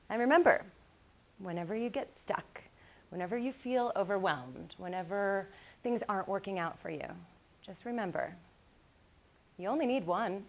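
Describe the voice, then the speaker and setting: A woman voicing her caring middle-aged mother, who talks her through a calming breathing exercise. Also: a little high, rough recording. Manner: soothing, guiding a breathing exercise.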